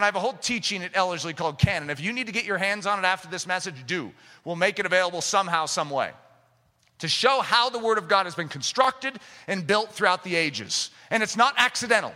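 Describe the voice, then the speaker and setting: A man preaching a sermon with fervor, rising to shouts and mimicking the voices of doubters. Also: high-pitched, expressive, quick pace. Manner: impassioned, rising to shouts, acting out skeptics' voices. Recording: long reverb of a large hall.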